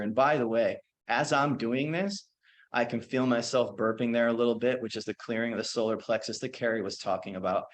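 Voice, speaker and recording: A man, teaching as a qigong instructor, telling a story and then talking listeners through a slow guided meditation. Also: mid-range voice. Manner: relaxed, anecdotal, slows down for meditation cues.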